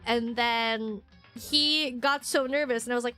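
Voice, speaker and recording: A woman's voice: on the high side, steady tone, normal speed, pushed and bright, faint music behind. A woman streamer in casual live-stream chat, rambling and chatty with lots of fillers and frequent laughs.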